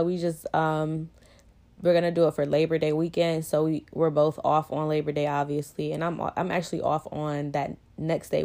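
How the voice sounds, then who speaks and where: A woman's voice: low voice, gravelly, a little mellow. A young pregnant woman vlogging to her viewers in a casual, rambling way, often out of breath and full of "like" and "you know".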